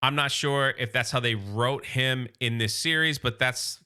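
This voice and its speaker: Bright-voiced, chatty male comic reviewer. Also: medium pitch, unhurried, smooth. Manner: enthusiastic, loose paraphrasing with lots of "like". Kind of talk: casual comic book recap.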